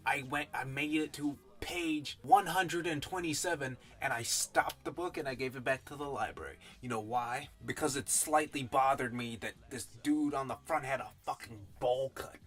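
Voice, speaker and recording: A man's voice: on the high side, a bit bright. A man giving a casual, rambling audiobook review, full of swearing and slang. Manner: profane, slangy, rambling tangents. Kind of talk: casual spoken book review.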